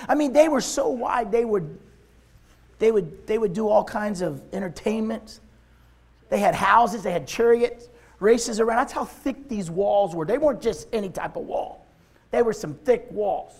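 High-voiced impassioned male preacher. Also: expressive, moderate pace, a little mellow. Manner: impassioned, emphatic preaching with repetition. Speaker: pastor. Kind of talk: sermon.

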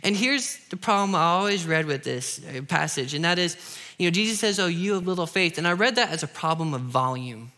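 A man's voice: a little high, expressive, a little fast, sharp tone. A young man preaching a sermon, earnest and building to emphatic peaks.

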